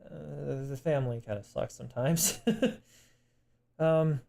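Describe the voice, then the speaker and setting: A young man talking in a personal vlog, emotional and close to tears, halting with many restarts, apologizing and swearing. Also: medium pitch, gravelly, dark tone. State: emotional, tearing up. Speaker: vlogger.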